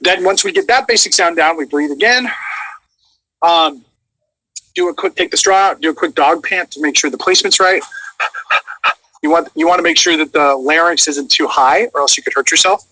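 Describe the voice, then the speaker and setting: A man who is a voice actor, chatting casually and coaching vocal warm-ups with animated demonstrations. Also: fairly high pitch, moderate pace, pauses often, low-quality recording.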